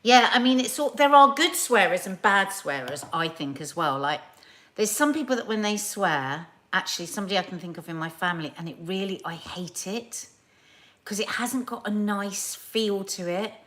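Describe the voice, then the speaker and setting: A woman's voice: mid-range voice, expressive, moderate pace, a bit bright. Chatty woman reading viewer comments. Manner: playful, reads out comments with exaggerated delivery. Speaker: live-stream host reading viewer comments. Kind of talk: casual chat.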